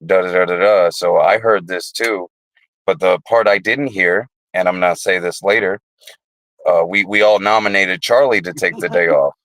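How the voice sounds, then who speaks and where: Very deep-voiced man, rambling and profane. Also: moderate pace, fairly bright tone, no room sound, low-quality recording. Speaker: livestream host. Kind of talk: casual livestream chat.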